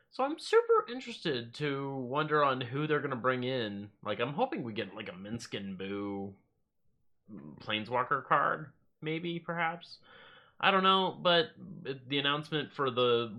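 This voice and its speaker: A man co-hosting a podcast in casual chat, excitable and swearing now and then. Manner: excitable, swearing, jumpy pitch. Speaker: podcast co-host.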